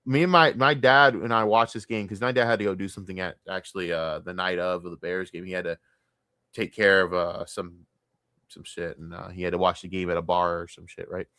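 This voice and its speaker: A young man streaming a casual, profane and rambling sports rant, talking excitedly. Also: low voice, brisk, clean tone, no echo, clean studio sound.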